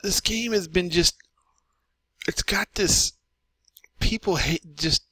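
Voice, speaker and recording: A man's voice: high-pitched, slow, pushed and bright, breathy edge, no echo. Exasperated man ranting, dry close sound. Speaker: gaming commentator. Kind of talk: ranting monologue.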